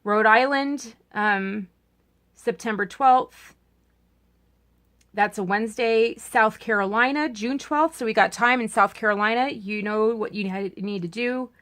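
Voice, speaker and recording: A woman's voice: fairly high pitch, fairly bright tone. A woman ranting casually in a political vlog, chatty and sarcastic, rambling with many restarts. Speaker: political vlogger.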